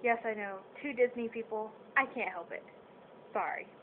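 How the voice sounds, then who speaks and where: A woman's voice: fairly high pitch, normal speed. A young woman chatting casually to her viewers, rambling and apologizing often, with lots of fillers. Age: young adult. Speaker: vlogger. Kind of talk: casual chat to camera. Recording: tinny phone-quality audio with faint hiss.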